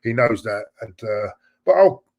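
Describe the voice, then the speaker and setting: A man's voice: lowish voice, expressive, unhurried, a little mellow. A middle-aged man hosting a fan live stream, rambling and repeating himself as he chats to viewers. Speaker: fan channel host. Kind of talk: live-stream chat reading viewer messages.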